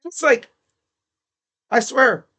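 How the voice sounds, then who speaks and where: High-voiced man ranting about his team. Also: extremely slow, pushed and bright, husky. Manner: exasperated, mocking, swears. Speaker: sports fan vlogger. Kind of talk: casual sports rant.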